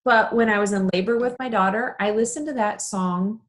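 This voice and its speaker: A woman in her thirties, a funeral director, chatting casually and telling stories with lively, expressive swings. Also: medium pitch, fairly quick. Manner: animated, expressive storytelling. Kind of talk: casual chat over wine.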